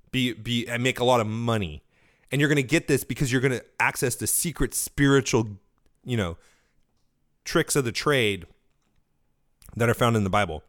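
A man's voice: medium pitch, no echo. A man hosting a solo podcast, talking casually and thinking aloud while getting over a cold, with a dry throat. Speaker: podcast host.

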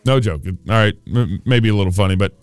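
A man's voice: on the low side, a little fast, a little mellow, clean tone, no room sound, soft background music. A man hosting a comedy podcast, rambling playfully and poking fun at himself. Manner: playful, rambling, self-mocking. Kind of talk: joking commentary.

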